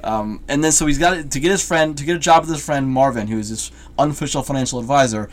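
A man's voice: mid-range voice, quick pace. Rambling man chatting about a movie. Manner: rambling, laughs easily, trails off. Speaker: podcast co-host reviewing a movie. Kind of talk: casual chat.

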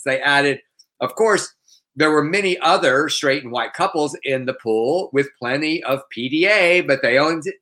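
A man co-hosting a podcast, retelling a news story in lively casual chat with mock quotes. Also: fairly high pitch. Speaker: podcast co-host.

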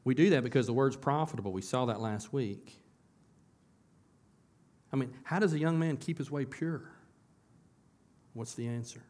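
A man preaching a sermon as pastor of a church. His voice sits at an ordinary middle pitch. He talks in a conversational way, asks the congregation questions, and doubles back on his words as he restarts. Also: normal speed, pauses often, darkish tone.

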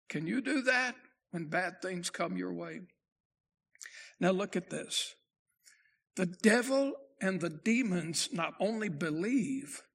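A man preaching a sermon as pastor, emphatic and slowing down to lift his voice for quoted scripture. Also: high voice, creaky, a bit bright.

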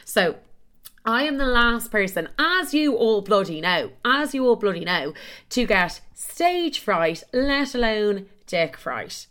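A woman's voice: fairly high pitch, sing-song, slow, a bit bright. A young woman hosting a podcast, telling a story in a dramatic, exaggerated way and swearing freely. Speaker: podcast host.

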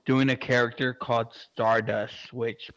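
A man chatting casually, excitable and swearing constantly, rambling with lots of fillers. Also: medium pitch, a little slow, no echo, highs cut off. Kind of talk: casual chat.

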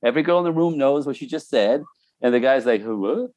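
A man's voice: medium pitch, fast talker, darkish tone, dry recording. A middle-aged man talking casually and telling stories, laughing often and mimicking other voices. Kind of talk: casual podcast chat.

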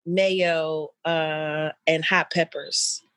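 A woman's voice: low voice, steady tone, drawn-out words, a bit bright, no room sound. Chatty woman with a dry, close sound. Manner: chatty, loose and rambling with many fillers. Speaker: mother of an eleven-year-old. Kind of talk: casual chat between old friends.

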